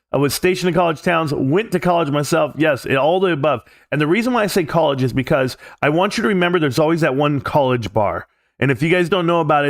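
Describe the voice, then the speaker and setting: Higher-voiced man ranting on a livestream. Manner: rambling, blunt, mildly profane; addresses chat directly. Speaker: livestream host. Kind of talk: casual livestream rant.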